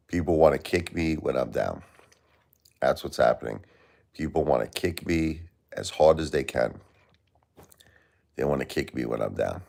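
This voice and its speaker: A man's voice: extremely low pitch, lively intonation, normal speed, creaky, pauses often, darkish tone. A grieving man hosting a live stream, talking in an aggrieved, plaintive, repetitive way and answering chat. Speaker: livestream host.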